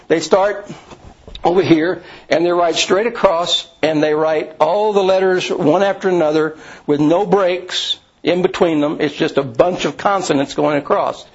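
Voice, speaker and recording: A man's voice: a little high, a little slow, husky. A man teaching a Bible study class, explaining in a rambling way with many restarts and asides. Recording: dull lo-fi recording.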